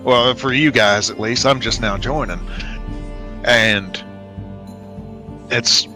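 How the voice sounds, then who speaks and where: A man talking casually as a player in an online tabletop game, rambling with halting restarts. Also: mid-range voice, over music.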